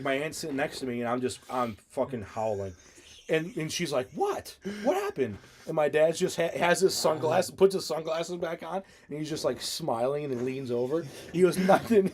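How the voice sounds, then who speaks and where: Animated laughing young man telling stories. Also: on the high side, gravelly. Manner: animated storytelling, laughing often, swearing. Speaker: podcast co-host. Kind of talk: casual chat.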